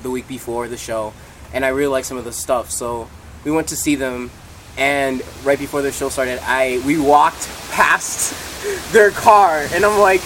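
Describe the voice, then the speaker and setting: A man's voice: medium pitch, steady tone, measured pace, a bit bright, slight background noise, rough recording. Laid-back teen boy telling a story. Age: teens. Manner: laid-back, laughs easily, quotes people. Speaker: band member guest. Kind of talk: casual interview storytelling.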